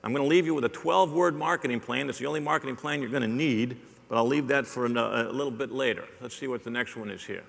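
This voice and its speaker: A man's voice: medium pitch, fast, gravelly. A man giving a live keynote on sales to a conference audience, joking and teasing the crowd with punchy repetition. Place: large hall on stage. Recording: long hall reverb.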